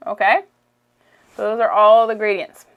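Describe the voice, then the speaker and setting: A woman with a Quebec French accent, from Quebec, Canada, teaches French expressions in a casual lesson, repeating phrases and checking in with "okay?". Her medium-pitched voice is clear and resonant, delivered flatly at normal speed. The audio is narrow and tinny.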